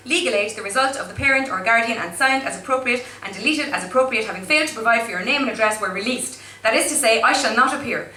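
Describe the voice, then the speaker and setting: Brief: woman spoken word poet, bright high voice, mic set back in an echoey pub room. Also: distant mic. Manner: wry, chatty between pieces, slow and deliberate in poems. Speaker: guest poet.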